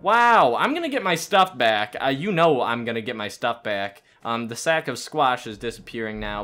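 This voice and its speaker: A young man giving excitable let's-play commentary, swinging between low mutters and panicked shouts. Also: moderate pace, few pauses. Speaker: gaming YouTuber.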